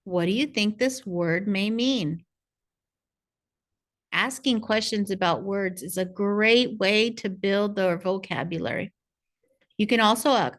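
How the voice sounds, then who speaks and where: A woman's voice: mid-range voice, a bit bright. A woman narrating a parent workshop as a reading coach, in a patient, encouraging teacher tone. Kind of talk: scripted instructional narration.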